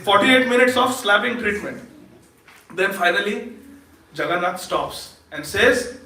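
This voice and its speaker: A man giving a lively storytelling sermon at a temple feast, laughing often and quizzing his audience. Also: sits high, unhurried, pauses often. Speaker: speaker at a temple Sunday feast. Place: temple hall. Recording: echoey hall, distant mic.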